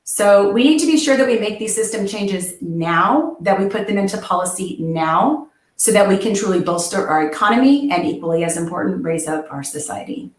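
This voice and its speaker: A woman's voice: medium pitch, expressive, normal speed. A woman education researcher giving an earnest, passionate webinar presentation over a video call. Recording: echoey room.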